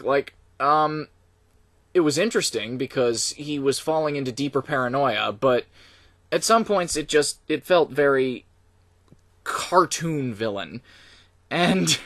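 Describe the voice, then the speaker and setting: A man's voice: fairly high pitch, no room sound. A young man giving a casual spoken movie review, opinionated and hesitant, full of ums and restarts. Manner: opinionated, lively complaining. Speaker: film reviewer.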